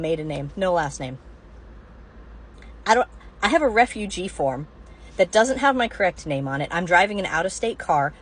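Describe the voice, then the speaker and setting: A woman in her forties, a doctor, telling a personal anecdote to camera in a wry, rambling way. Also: fairly low pitch.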